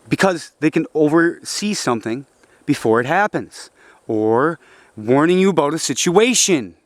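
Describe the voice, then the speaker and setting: A young man in a rambling, profane monologue, agitated and preachy, dropping to low, frustrated mutters. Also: dry recording. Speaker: vlogger.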